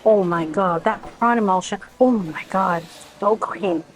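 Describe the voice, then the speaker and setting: A woman's voice: medium pitch, unhurried, low-quality recording. A woman food vlogger tasting dishes and talking to the camera, effusive and exclaiming often as she eats. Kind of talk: casual food review to camera.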